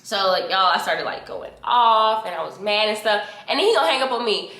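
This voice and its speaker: Bright-voiced young woman, animated storytime chat. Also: medium pitch, a little fast, hardly any pauses. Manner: animated, slangy, addresses viewers as y'all. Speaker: vlogger telling a story. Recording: roomy echo.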